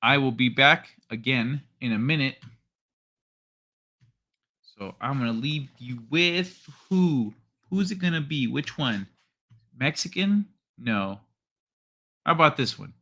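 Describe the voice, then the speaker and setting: Bright-voiced man chatting on a stream. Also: medium pitch, lively intonation, slow pace, long pauses. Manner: swears, stumbles over read text. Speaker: livestream host. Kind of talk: casual chat and reading news aloud.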